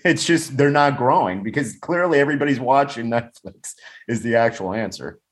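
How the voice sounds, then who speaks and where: A man's voice: medium pitch, lively intonation, moderate pace. A man chatting on a video call, blunt and rambling, laughing often and swearing casually. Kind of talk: casual podcast chat. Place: home or office, on a video call. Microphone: video call microphone.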